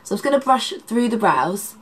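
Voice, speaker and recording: A woman, a makeup artist, chatting through a makeup tutorial with a congested, nasal, slightly husky voice and rambling asides. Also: on the high side, big pitch swings, brisk, slight background noise. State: congested, nasal from hay fever.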